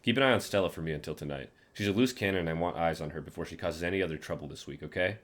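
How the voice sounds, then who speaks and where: A man voicing a stern young woman in a game, speaking firmly and defensively in a low, quiet voice. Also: rapid-fire. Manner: firm, defensive. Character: stern young woman, hard-nosed town heir.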